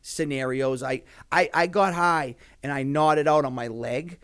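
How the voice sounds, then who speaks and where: A man's voice: fairly high pitch, fairly even intonation, unhurried, a bit bright, clean tone. A young man, a podcast guest in casual talk, rambling with many fillers and heavy swearing.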